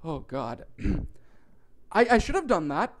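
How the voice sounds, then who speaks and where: A man narrating a comic storytime in an animated, profane, exaggerated way. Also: high voice, takes it slowly, a little hiss or hum.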